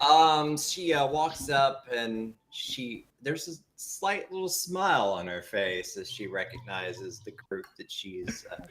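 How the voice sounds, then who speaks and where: A man narrating as game master in a tabletop game, halting and filler-heavy. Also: medium pitch, expressive, fairly bright tone, a little hiss or hum. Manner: halting, with many fillers and restarts.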